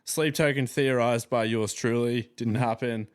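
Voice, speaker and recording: A man's voice: medium pitch, fairly even intonation, measured pace, dry recording, studio quality. A young man co-hosting a music podcast in casual, playful chat that often trails off. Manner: laid-back, playful, trails off. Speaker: podcast co-host.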